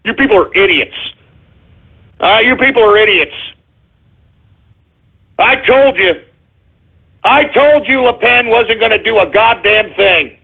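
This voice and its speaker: A man's voice: very high voice, breathy edge. A male talk radio host ranting about politics in a profane, sarcastic, combative way. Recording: phone-like lo-fi radio audio.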